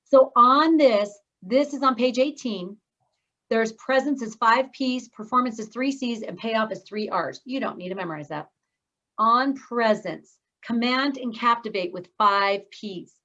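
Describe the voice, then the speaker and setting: Fast-talking woman speaking coach. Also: on the high side, pushed and bright, highs cut off. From Scotland. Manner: fast-talking, with sudden pauses and stressed words. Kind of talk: online course teaching. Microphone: video call.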